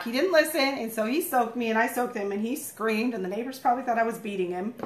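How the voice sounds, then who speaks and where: A woman's voice: a little high, fast talker, few pauses, slight background noise. Chatty lady w morning voice doing her makeup live at home, rambly, kinda echoey. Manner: chatty, rambling, with frequent fillers. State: morning voice, throat-clearing. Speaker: makeup vlogger, live stream host. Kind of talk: casual live makeup tutorial chat.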